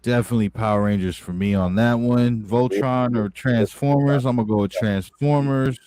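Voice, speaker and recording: A man's voice: mid-range voice, fairly even intonation, normal speed, dark tone, clear, resonant tone, dry recording. A young man from New York chatting casually and laid-back with friends, swearing freely. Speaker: co-host. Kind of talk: casual group chat.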